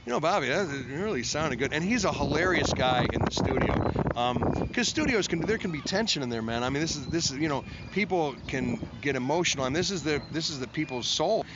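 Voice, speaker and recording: A man's voice: on the high side, lively intonation, brisk. A man, a musician, telling a casual, rambling studio anecdote and acting out the people in it. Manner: rambling, self-mocking storyteller who acts out quotes. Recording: dull lo-fi sound with faint noise.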